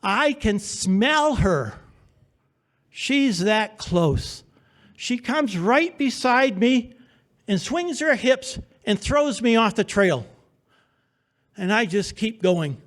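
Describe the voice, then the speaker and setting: Guy with a pretty high voice telling a wild true story live on stage, dry funny delivery. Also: expressive, slow, long pauses, fairly bright tone. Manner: wry, humorous, vivid present-tense telling. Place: theater stage before an audience.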